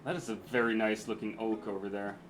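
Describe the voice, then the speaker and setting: A man's voice: fairly low pitch, fairly even intonation, a little fast, over music. A man streaming a video game, chatting casually with viewers, reading out chat and joking around. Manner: playful, jokey, reads chat aloud.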